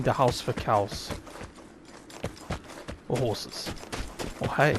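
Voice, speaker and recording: Over background music, an Australian gaming YouTuber drawls out his words in a mid-range voice, leaving long pauses. He keeps up wry, chatty talk to himself as casual commentary on a survival game. The game noise behind him is clear.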